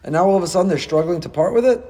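A man, a rabbi giving a Torah class, animated and acting out dialogue with rhetorical questions. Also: high voice, rapid-fire, big-room sound.

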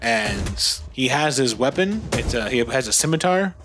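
A man narrating a tabletop role-playing game as game master, in a casual, halting way with quick asides. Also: medium pitch, animated, music in the background.

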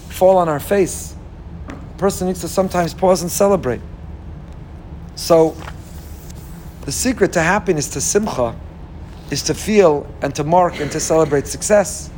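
A man giving a lively sermon as a rabbi, acting out inner voices with humorous asides. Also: a little high, a little hiss or hum.

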